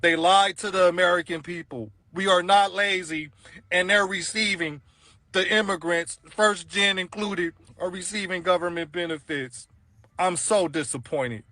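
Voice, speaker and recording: A man's voice: high-pitched, steady tone, unhurried, sharp tone, dry recording. A man in a social media rant, complaining and lecturing his audience.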